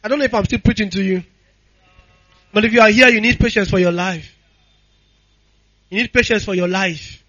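A male pastor preaches with fervor, calling on the congregation to answer back. His voice sits high and sounds bright and forceful. The recording is dry, with a slightly dull sound. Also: normal speed, long pauses, no echo. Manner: impassioned call-and-response preaching. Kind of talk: sermon.

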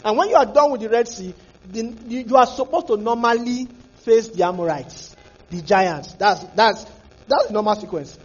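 A man preaching with fervour, his voice very high and husky. His pitch leaps and swoops as he repeats and restarts phrases, and the recording sounds dull and lo-fi. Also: lively intonation, moderate pace. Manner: fervent, repetitive preaching with restarts. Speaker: pastor. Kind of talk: sermon.

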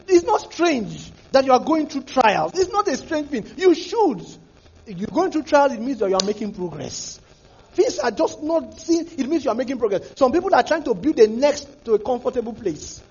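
A man's voice: very high-pitched, darkish tone, slightly rough, lo-fi sound. A male pastor preaching a fervent sermon, repeating himself and restarting phrases.

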